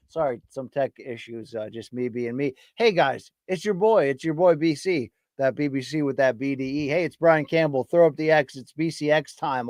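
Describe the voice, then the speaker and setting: A man's voice: on the high side, dry recording, studio quality. A middle-aged man from the US East Coast hosting a casual solo livestream ramble, chatty and self-deprecating, hyping up his chat. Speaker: podcast host. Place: home studio. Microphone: studio mic.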